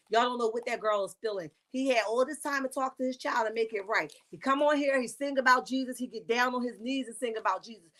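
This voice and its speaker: A woman, recapping a reality show on a casual livestream with sassy, animated asides. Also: fairly high pitch.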